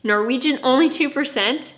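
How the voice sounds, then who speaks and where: Speaking at a moderate pace, this young woman from the United States has a high, fairly bright voice. She's casually vlogging to camera, bubbly and a bit theatrical.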